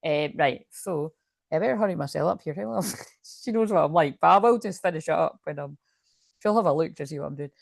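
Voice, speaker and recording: A woman's voice: low voice, fairly quick, gravelly, no echo, clean studio sound. A woman doing a casual tarot card reading to camera, chatty and rambling, often interrupting herself with asides.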